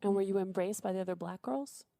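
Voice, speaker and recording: A woman's voice: mid-range voice, quick pace, creaky, mellow, dry recording, clean studio sound. A woman podcast host asking direct, probing interview questions.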